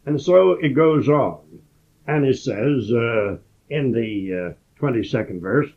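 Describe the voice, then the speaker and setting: A man giving a Bible study, who reads scripture slowly and with emphasis and then explains it. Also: mid-range voice, expressive. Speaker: Bible teacher. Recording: tinny phone-like lo-fi audio.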